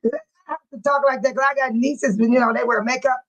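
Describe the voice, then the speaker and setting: A woman's voice: sits high, fairly even intonation, a little fast, dull audio. A middle-aged woman hosting a casual livestream, reading chat comments aloud and laughing often. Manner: sweating and fanning herself after dancing. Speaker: livestream host.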